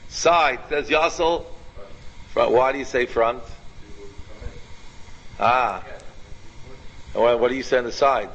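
A man teaching an informal Torah class, animated and repetitive, quizzing his students by name. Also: mid-range voice, slow, pauses often, muffled recording.

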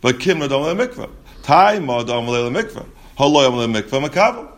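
A man teaches a Talmud class in a brisk, animated, medium-pitched voice. He explains things step by step, asking and answering questions, with frequent restarts and repeated words.

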